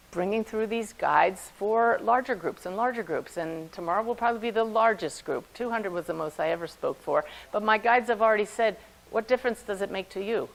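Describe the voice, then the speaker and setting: A woman's voice: mid-range voice, rough recording. A woman, a spiritual medium, telling a personal story to an audience and acting out the voices in it. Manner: lively storyteller who acts out quoted voices. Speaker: spiritual medium giving a talk.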